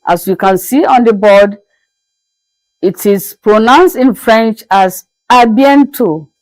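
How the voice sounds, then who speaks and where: Woman, french teacher, slow pace, patient repetition, dry close sound. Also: fairly high pitch, darkish tone, dry recording, low-quality recording. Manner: patient, repeats each word slowly. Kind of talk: slow classroom-style lesson.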